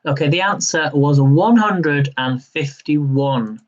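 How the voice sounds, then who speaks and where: A quiz host runs a live-stream quiz in a fairly high voice, speaking slowly, with lo-fi sound. He's chatty and upbeat, laughing easily as he reads out questions and counts down.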